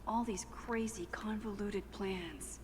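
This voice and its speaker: A woman plays a thoughtful young game heroine who often drops to a hushed, breathy murmur as she thinks aloud. Faint hiss sits under her voice. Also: mid-range voice, steady tone, slow, close to an everyday voice. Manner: introspective, often whispered inner thoughts. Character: anxious young woman student with time powers.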